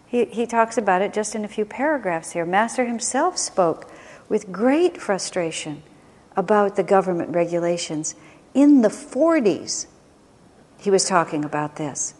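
A woman's voice: medium pitch, a little mellow. A woman leading a spiritual class, speaking conversationally and reflectively, often restarting her sentences. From United States. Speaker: spiritual teacher. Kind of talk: teaching a class. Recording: long hall reverb.

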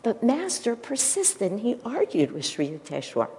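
Woman, devotional talk, gentle storytelling, mellow, long hall reverb. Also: on the high side, wildly swooping pitch. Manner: gentle, storytelling, pauses to search for words. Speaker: spiritual teacher.

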